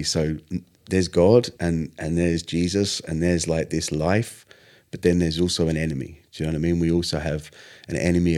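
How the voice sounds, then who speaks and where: A young man with a very deep, low voice recounts his life in a relaxed interview. He talks earnestly, slipping into the voices of people in his story to act out what they said. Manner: earnest, animated retelling with acted-out quotes. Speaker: podcast guest, vocalist.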